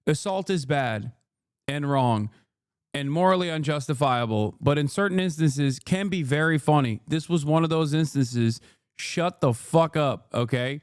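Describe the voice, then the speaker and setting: A man's voice: a little high, animated, a little slow, smooth, dry recording, clean studio sound. Profane, combative male streamer. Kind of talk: livestream reaction commentary.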